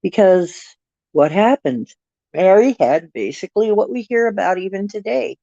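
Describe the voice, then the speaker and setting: A woman's voice: medium pitch, lively intonation, moderate pace, gravelly, warm tone, no room sound, muffled recording. A woman hosting a casual livestream, musing and rambling while she answers viewer comments. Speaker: livestream host reading viewer chat.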